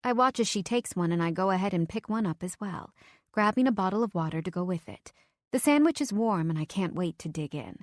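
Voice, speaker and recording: A young woman reading a first-person romance audiobook in a lively storytelling manner, with soft whispered asides. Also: lowish voice, a little fast, dry recording, studio quality. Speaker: audiobook narrator.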